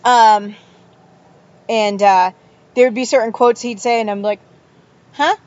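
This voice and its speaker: A woman with a slightly high voice trading sarcastic dating tales, dropping swear words and playing out both sides of each exchange. The audio is dull and lo-fi. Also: steady tone, a little slow, darkish tone. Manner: wry, sarcastic, swears, acts out quotes. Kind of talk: casual chat.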